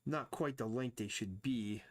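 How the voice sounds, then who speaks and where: A man's voice: mid-range voice, measured pace. A man thinking aloud and rambling casually while he draws on a live stream. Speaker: artist streaming his drawing.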